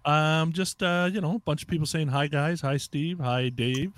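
A man co-hosting a podcast in casual chat, joking and quick to laugh. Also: fairly high pitch, fairly even intonation, no echo. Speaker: podcast co-host.

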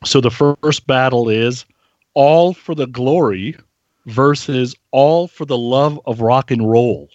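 Laid-back male co-host, mid pitch, dull dry lo-fi recording. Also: slow, a little mellow, no room sound. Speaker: podcast co-host running the game. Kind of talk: casual podcast chat.

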